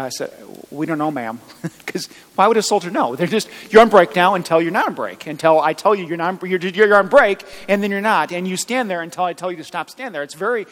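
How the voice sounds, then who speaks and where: A male pastor delivers a casual, conversational sermon, often putting rhetorical questions to his listeners. His voice sits a little high. A long reverb from a large hall trails behind his words. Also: fairly bright tone. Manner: conversational preaching with rhetorical questions and military anecdotes.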